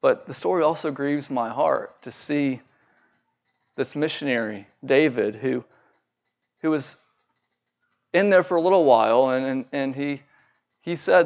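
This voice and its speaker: Earnest preacher telling a sermon story. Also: male voice, fairly high pitch, lo-fi sound. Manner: earnest, with halting repetitions when speaking freely.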